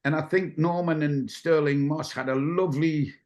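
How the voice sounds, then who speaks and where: A man's voice: fairly high pitch, fairly even intonation, normal speed, darkish tone. A man, a guest on a talk show, telling rambling anecdotes in a casual way and acting out the people in them. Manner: rambling, acts out quotes, laughs.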